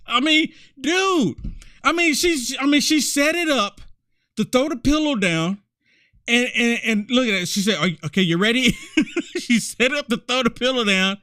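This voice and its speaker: A man's voice: very high-pitched, unhurried, bright, forceful tone, dry recording, clean studio sound. A man hosting a commentary show, talking in a mocking, repetitive way. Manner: mocking, repetitive, many "I mean"s. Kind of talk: political commentary monologue.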